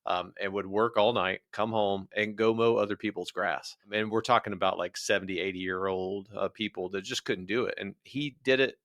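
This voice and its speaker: A man's voice: lowish voice, fairly even intonation, moderate pace, few pauses, a bit bright, dry recording, clean studio sound. A man from rural West Virginia who hosts an interview show, speaking plainly and telling stories from his own life. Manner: plainspoken, tells personal stories. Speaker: podcast host. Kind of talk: casual interview talk.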